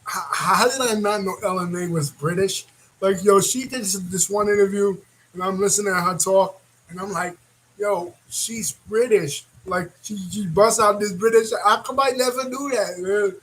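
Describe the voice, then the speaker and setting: A man hosting a reaction video, talking in a rambling, animated way and laughing often. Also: high voice, moderate pace, husky, low-quality recording. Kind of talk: casual reaction commentary.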